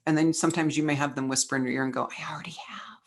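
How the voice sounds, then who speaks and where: A woman's voice: a bass voice, steady tone, racing. A middle-aged woman giving a casual spiritual parenting masterclass, frank and chatty, with lots of fillers and restarts.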